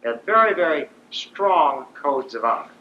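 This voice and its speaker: An older man from Ohio, a veteran, telling his wartime story in a vivid, animated storytelling manner. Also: fairly high pitch, normal speed, a little hiss or hum. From Ohio, USA. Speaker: veteran speaker. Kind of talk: storytelling talk. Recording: roomy dull lo-fi recording.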